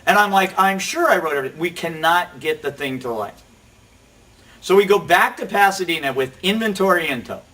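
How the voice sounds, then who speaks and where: A man's voice: on the high side, animated, bright, forceful tone, distant mic. A middle-aged man casually telling a rambling, self-deprecating story as host of a recovery show. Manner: rambling, self-deprecating, quotes people in quick asides.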